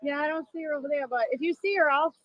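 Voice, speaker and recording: A woman's voice: high-pitched, rapid-fire, no room sound, highs cut off. A middle-aged woman with a Boston accent, chatting with viewers and passersby on a phone livestream from a crowded sidewalk. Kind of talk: walking livestream chat. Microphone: handheld phone.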